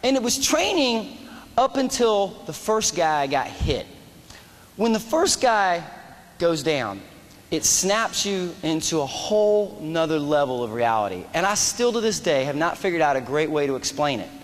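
Animated high-voiced man speaking in a hall. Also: a little slow. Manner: animated, acts out dialogue and shouts quoted lines. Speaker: motivational speaker and army veteran. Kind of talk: storytelling speech. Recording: reverberant hall with faint noise.

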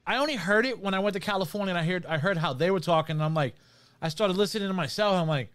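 A man's voice: high-pitched, racing, fairly bright tone. A man co-hosting a podcast in loose casual chat, dropping "bro" and "dude" and swearing freely. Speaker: podcast co-host.

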